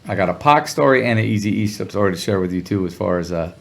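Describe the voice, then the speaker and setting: A man telling a story in a relaxed interview, talking in slang and sounding animated when he quotes people. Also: low voice, quick pace, creaky. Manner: laid-back, slangy, animated when quoting others. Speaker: guest musician.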